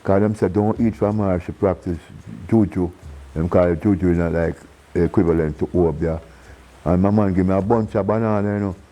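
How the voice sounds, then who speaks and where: A man with a Jamaican accent, a reggae singer telling stories in a casual interview. He is animated, acting out the voices of people in his stories and laughing often. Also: low-pitched, a little fast, highs cut off. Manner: animated storyteller who acts out quoted voices and laughs often.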